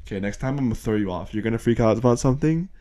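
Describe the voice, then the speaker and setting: A man's voice: medium pitch, very fast, dark tone. A young man in a casual chat, laid-back and dry, mostly giving short replies.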